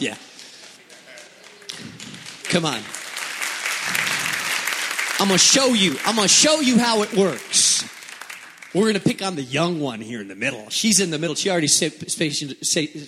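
A man's voice: high-pitched, bright, forceful tone, a little hiss or hum. A male pastor preaching a sermon to a congregation, dramatic and repeating phrases for emphasis. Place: church hall before a congregation. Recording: long hall reverb.

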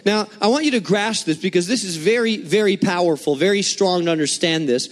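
A man preaching a sermon, explaining scripture and telling lively, humorous stories from his own life. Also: sits high, a little fast, few pauses, big-room sound. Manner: animated storytelling with humor. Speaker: pastor.

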